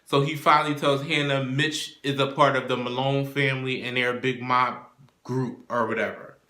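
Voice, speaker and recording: A man with a bright, forceful voice talks through a TV episode in a loose, casual way, swearing freely and slipping into the characters' lines as he retells each scene. The sound bounces around an echoey room. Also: mid-range voice, fairly even intonation, moderate pace, slight background noise. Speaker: TV recap show host.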